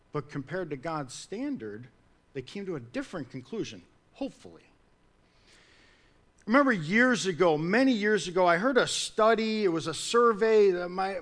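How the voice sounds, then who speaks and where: A man preaching a sermon in an earnest manner, building to loud emphatic peaks and then dropping low.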